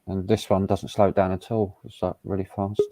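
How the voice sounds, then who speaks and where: A man's voice: deep voice, little pitch movement, brisk, mellow, dry recording. A man hosting a live stream, chatting casually in a laid-back, dry way.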